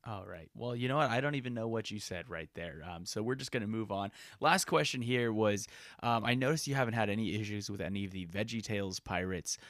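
A man's voice: on the low side, a little fast, a bit bright, no echo, studio quality. A man hosting a casual podcast chat, easygoing with frequent fillers. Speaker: podcast host.

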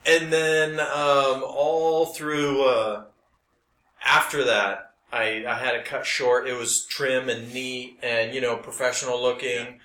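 A man's voice: mid-range voice, steady tone, slow pace, pushed and bright, reverberant. A man in his forties, co-hosting a podcast, rambling through a casual story with lots of filler words. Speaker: podcast co-host. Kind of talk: casual chat.

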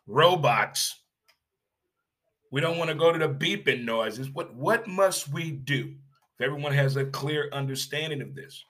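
A man delivering an animated, opinionated sports rant, emphatic and repetitive, with rhetorical questions and blunt, casual swearing. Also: medium pitch. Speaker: sports commentator.

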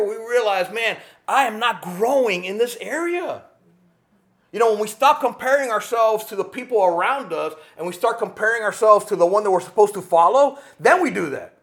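A man preaching a sermon with passion, rising to near shouts and dropping to quiet, earnest tones. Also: high voice. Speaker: pastor.

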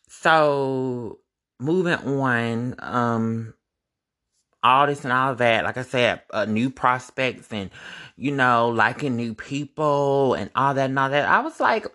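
A young man telling a casual, animated storytime to his viewers, profane and full of sudden high-pitched outbursts. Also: slow pace. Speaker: vlogger.

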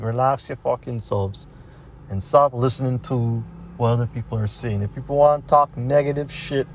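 A man's voice: medium pitch, a little mellow. Blunt swearing man ranting by a street. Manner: blunt, repetitive, heavy slang and swearing. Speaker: vlogger. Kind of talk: profane motivational rant to camera. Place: outdoors near a street with passing cars. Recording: faint street noise with traffic.

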